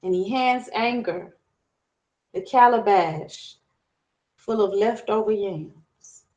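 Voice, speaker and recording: A woman telling a folktale as a lesson, lively and asking her listeners questions as she goes. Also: mid-range voice, slow, dull audio. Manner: lively, asks the audience questions. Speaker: storyteller, teacher. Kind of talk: interactive storytelling lesson.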